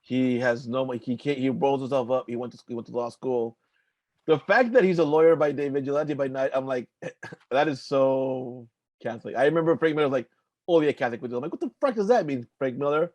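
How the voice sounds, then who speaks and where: A man's voice: medium pitch, fairly even intonation, brisk, a little mellow, no echo. A young adult man co-hosting a casual comics podcast, rambling in loose chat with lots of filler and the odd swear. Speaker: podcast co-host.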